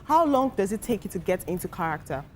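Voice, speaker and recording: A young woman, hosting a morning talk show. She teases her guest and acts out scenes to draw out an answer. A faint low rumble runs under her voice. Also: sing-song, fast talker, darkish tone. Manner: teasing, acts out scenarios. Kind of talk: casual talk show chat.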